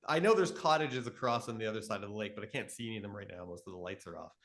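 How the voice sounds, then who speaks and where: A man in his thirties from Canada, explaining astronomy with enthusiasm in a live question-and-answer session and telling stories with lively voices. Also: on the low side, racing. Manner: enthusiastic storytelling, animated voices in quotes. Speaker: astronomy educator.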